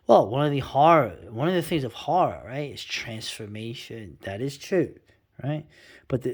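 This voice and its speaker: Man, middle-aged, casual reaction commentary, sarcastic, rambling, stop-start, mid pitch. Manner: rambling, sarcastic, many fillers and restarts.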